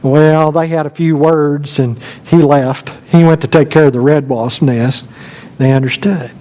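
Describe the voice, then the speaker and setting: Folksy male preacher, middle-aged, slightly high voice, animated storytelling sermon. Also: a little slow.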